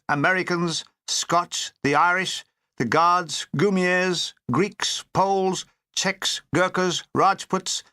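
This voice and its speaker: A man's voice: high voice, bright, forceful tone, no echo. A man reading a comic war memoir aloud with dry, wry storytelling. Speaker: audiobook reader.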